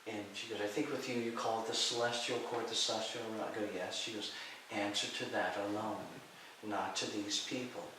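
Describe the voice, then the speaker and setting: A middle-aged man telling lively stories in an interview, acting out the voices of people he quotes and laughing often. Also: fairly low pitch, a little fast. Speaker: interview guest, martial arts and healing teacher. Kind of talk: storytelling in a conversational interview. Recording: echoey room, far from the mic, faint hiss.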